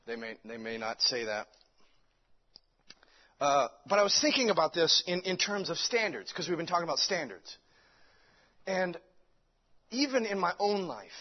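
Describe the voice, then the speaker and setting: A man's voice: sits high, slightly rough. A man preaching a sermon with fervent delivery, stumbling over restarts and many fillers. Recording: dull lo-fi recording.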